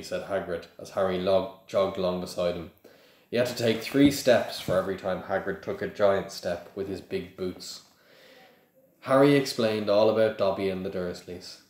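A man reads a children's storybook aloud in a plain, unpolished way, now and then stumbling and restarting. His voice sits low. The room around him is echoey. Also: moderate pace, darkish tone. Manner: plain, with small slips and restarts. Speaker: reader.

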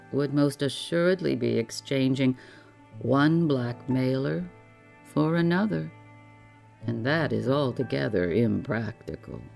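A woman doing a plump, ruthless employer in a bedtime storybook. He speaks slowly and smoothly, each threat delivered calmly. His voice is very low and gravelly, with faint music underneath. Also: heavily acted. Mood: cold. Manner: suave, unhurried, coolly menacing.

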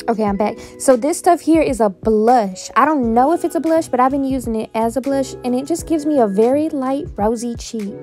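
A young woman narrates a beauty tutorial in a loose, chatty voice-over. Her voice sits high, and she pokes fun at herself as she goes. Faint music plays behind her. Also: fairly quick, hardly any pauses, mellow. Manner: goofy, self-mocking, chatty. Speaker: beauty vlogger.

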